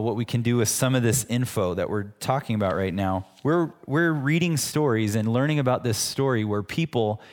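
A man delivers a sermon in a relaxed, conversational way, often restarting his sentences as he teaches. His voice sits at an ordinary middle pitch. The sound rings with the long reverb of a church hall. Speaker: pastor.

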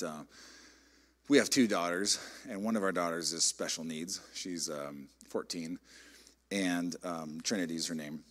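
A middle-aged man, a pastor, preaching a sermon in a conversational, animated storytelling way. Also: sits low. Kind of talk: sermon with personal stories.

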